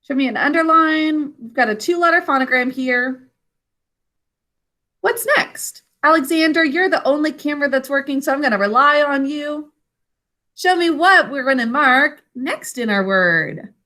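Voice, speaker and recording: A woman's voice: high-pitched, lively intonation, pushed and bright. A woman teacher on a video call, giving a classroom lesson and carefully sounding out words and their parts. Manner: slow, carefully enunciated phonics instruction.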